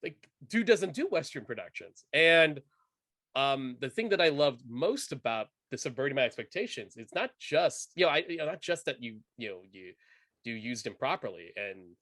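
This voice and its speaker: Animated man chatting about films. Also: mid-range voice, normal speed, dry recording, studio quality. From United States. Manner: animated, enthusiastic, many fillers and restarts. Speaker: podcast co-host. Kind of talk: casual film discussion.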